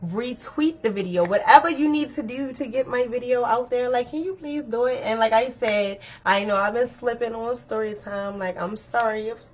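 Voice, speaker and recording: A young woman vlogger telling a story time to her viewers in a casual, animated way, swearing freely and breaking into laughter. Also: fairly high pitch, muffled recording.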